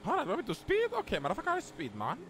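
A man's voice: very high voice, wildly swooping pitch, racing, noisy background, full character voice. A man voicing a loyal young male street criminal who swears constantly and calls everyone brother. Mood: excited. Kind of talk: crime role-play.

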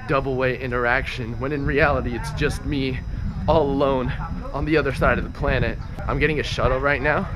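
A young man talks straight into a handheld camera while traveling, swearing freely and rambling from one excited rant to the next. His voice sits at an ordinary middle pitch. Clear background noise runs under the noisy outdoor audio. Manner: profane, rambling, excitable ranting. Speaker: travel vlogger. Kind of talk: casual vlog talk to camera.

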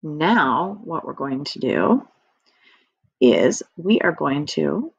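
A woman's voice: low-pitched, big pitch swings, slow, slightly rough, no room sound. A woman teaching an early-reading lesson to young children in a patient, encouraging way, speaking directly to her students. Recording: dry, slightly dull lo-fi audio.

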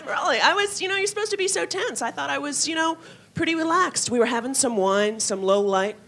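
A woman's voice: high-pitched, expressive, a little fast, fairly bright tone. A young woman performing a stand-up comedy set in a club, wry and self-mocking, slipping into mock voices. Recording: live club recording with audible noise.

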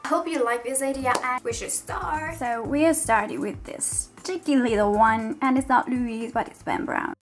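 A woman's voice: on the high side, moderate pace, hardly any pauses, soft background music, low-quality recording. A young Italian woman with an Italian accent, chatting eagerly and self-deprecatingly in a casual explainer vlog. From Italy. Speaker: YouTuber.

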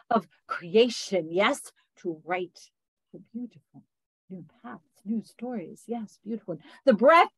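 A woman channeling gentle light beings. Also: mid-range voice, slightly rough, dry recording, rough recording. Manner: lilting, formal phrasing, repeats "yes" and "beautiful ones". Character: gentle collective of light beings, formal and loving. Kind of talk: spiritual channeling. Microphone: video call.

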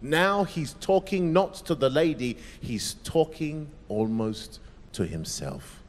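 A male pastor telling a story in a sermon, dramatic and vivid, dropping to a hush at moments. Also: on the high side, expressive, slow, a little hiss or hum. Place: large church. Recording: echoey church hall.

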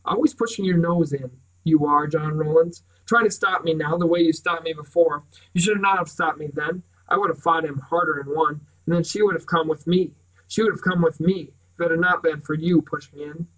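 A man reading aloud, voicing a bitter, jealous middle-aged farmer who sneers and rushes his angry words. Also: a little high, fairly bright tone, distant mic, low-quality recording. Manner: sneering, rapid angry outbursts.

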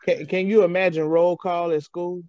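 A man's voice: high-pitched, level tone, normal speed, darkish tone, clean tone, no room sound. A man, joking playfully in a casual chat. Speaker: podcast co-host. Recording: dry, dull lo-fi sound.

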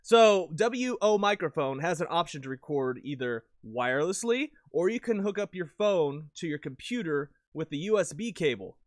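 A man talking casually about his recording setup into a lavalier mic at home, rambling and correcting himself with sudden bursts of excitement. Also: a little high, moderate pace, hardly any pauses, no echo. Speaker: video creator. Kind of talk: casual gear talk to camera.

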